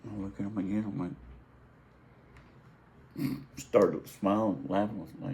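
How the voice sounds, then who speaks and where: Mellow, low-voiced middle-aged man rambling. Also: steady tone, moderate pace, vocal fry, pauses often, a little hiss or hum. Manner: rambling, self-correcting, chuckling. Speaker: vlogger. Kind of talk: casual storytelling.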